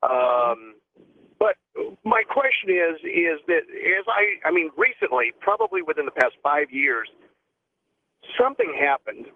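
A man in his forties calls a radio show from his car, talking quickly and eagerly. He stumbles and repeats words as he goes. His voice comes through a thin, tinny phone line. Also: fairly high pitch, lively intonation. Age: 40s. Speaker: caller. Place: car, driving.

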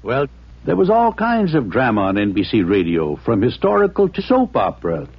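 A male host giving scripted, smooth and wry narration. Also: mid-range voice, huge pitch swings, normal speed. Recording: dull lo-fi sound.

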